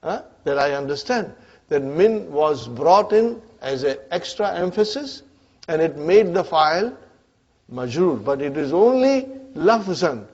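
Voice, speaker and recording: A man's voice: fairly high pitch, lively intonation, unhurried, darkish tone. A male Arabic teacher giving a classroom grammar lecture, often checking in with his students by asking "huh?" and "are you with me?". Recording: dull lo-fi lecture recording.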